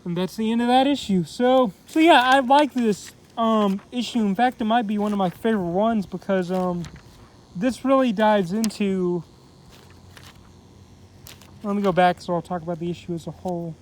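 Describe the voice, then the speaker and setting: A man's voice: sits high, normal speed, a little hiss or hum, low-quality recording. A man casually reviewing a comic book, rambling with lots of fillers and restarts.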